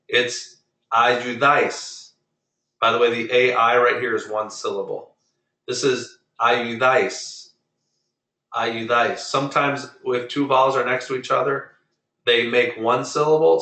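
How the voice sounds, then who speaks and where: Bright-voiced man teaching a class. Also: mid-range voice, roomy sound, distant mic. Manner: patient, explains rules step by step, drills pronunciation. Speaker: Spanish teacher. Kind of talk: online class lesson.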